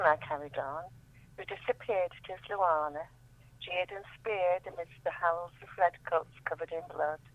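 A woman reading her own poems aloud in a measured, solemn way, then chatting about them. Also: low voice, dry recording, phone-quality sound. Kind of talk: poetry reading and radio chat.

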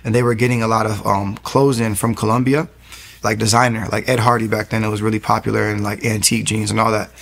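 A man in his thirties, giving an earnest faith testimony as a guest in fast storytelling with many restarts. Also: fairly low pitch, little pitch movement, vocal fry, fairly bright tone.

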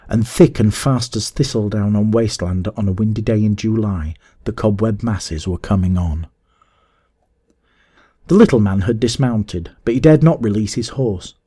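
A man narrating a classic adventure story in a measured, steady audiobook reading. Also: on the low side.

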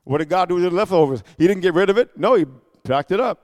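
A man preaching a sermon, calling for responses from the congregation and punching key words loudly. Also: high voice, lively intonation, quick pace, big-room sound. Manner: call-and-response, loud bursts on key words.

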